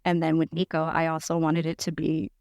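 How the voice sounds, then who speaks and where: A young adult woman chatting as a podcast guest in a casual interview, animated and full of "like"s. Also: low-pitched, fairly quick, creaky, dry recording, studio quality.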